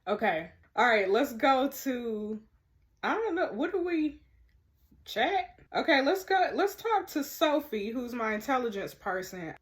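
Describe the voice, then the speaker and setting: A woman's voice: fairly high pitch, lively intonation, a little slow. A woman chatting with viewers as she plays a mystery game, reading clues and messages aloud. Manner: chatty, talks to viewers, reads texts aloud. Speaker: gamer playing a mystery game. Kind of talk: casual let's-play commentary.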